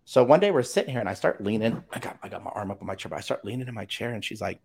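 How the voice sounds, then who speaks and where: A middle-aged man telling a personal story as a podcast guest, animated, acting out other people's lines and swearing casually. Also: on the low side, racing, vocal fry, husky. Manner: animated, acts out quoted voices, swears casually.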